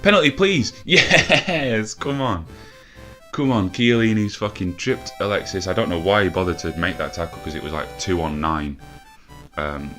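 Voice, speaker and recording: A young man commentating a football video game live, a bit out of breath and swearing often, shouting when the action peaks. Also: deep voice, fairly even intonation, moderate pace, faint music behind. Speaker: gaming commentator.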